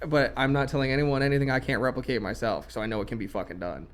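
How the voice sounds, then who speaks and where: A man's voice: mid-range voice, fast talker. A man who works as a recording engineer and producer, talking bluntly and emphatically in a casual podcast chat, swearing heavily.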